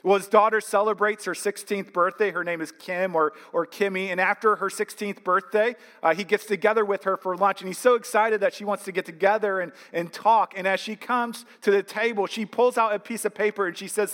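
High-voiced pastor preaching in a reverberant hall. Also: male voice, steady tone, a little fast, few pauses, fairly bright tone. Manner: storytelling, builds to earnest emphasis. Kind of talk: sermon.

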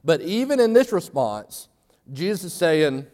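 A man preaching a sermon in a church, talking conversationally and getting animated for emphasis. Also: fairly high pitch, unhurried, big-room sound. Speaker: pastor. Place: church sanctuary.

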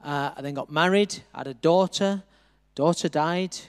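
A man's voice: fairly high pitch, measured pace, smooth. Man retelling a bitter grieving middle-aged man. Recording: echoey hall.

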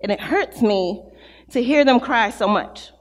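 Female preacher, high voice, impassioned testimonial sermon, long hall echo. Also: animated, unhurried. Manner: impassioned, testimonial, rising and falling between hushed and loud.

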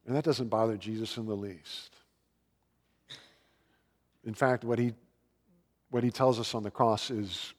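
A man preaching a sermon in a conversational, storytelling way, with fillers and lively asides. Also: on the low side, unhurried, long pauses, big-room sound. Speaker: pastor.

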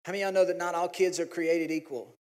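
A man, preaching a sermon in a folksy, animated way. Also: fast talker. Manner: folksy, animated storytelling, pitch jumps when acting out his family. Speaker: pastor. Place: church sanctuary. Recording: long hall reverb.

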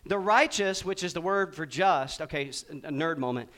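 A middle-aged man preaching a sermon, quizzing his congregation and acting out little scenes with big swings in pitch and volume. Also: moderate pace, hardly any pauses. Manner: animated, asks the congregation questions. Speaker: pastor.

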